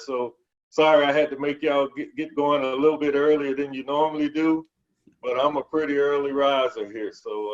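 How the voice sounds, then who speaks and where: A former football player, appearing as a podcast guest in a casual interview, tells stories in a relaxed, warm, easygoing way with a mid-range voice and plenty of "you know" fillers. The remote audio is dull and lo-fi.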